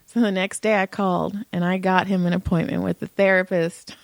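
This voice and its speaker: A middle-aged woman co-hosts a podcast, spinning family stories in casual chat with animated voices and plenty of swearing. Her pitch is medium, her speed normal, with few pauses, on a dry recording.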